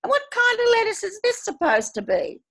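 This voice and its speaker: A woman's voice: very high-pitched, big pitch swings, moderate pace, fairly bright tone, voice pushed up, full character voice. An Australian woman voicing a blunt older wife who puts on a sweet voice, then swears and complains in her broad talk. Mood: indignant.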